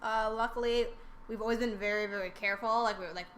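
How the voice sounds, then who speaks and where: A woman's voice: fairly high pitch, steady tone, quick pace, a bit bright, slight background noise. A woman co-hosting a podcast in casual chat, talking in a chatty, rambling way. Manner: chatty, rambling with many fillers and restarts. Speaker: podcast co-host.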